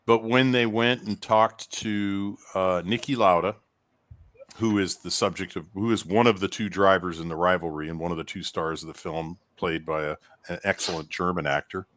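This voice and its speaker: A man's voice: sits low, fairly even intonation, normal speed, a bit bright, dry recording. A man talking in a casual chat as a podcast co-host, telling stories in a rambling way with many restarts.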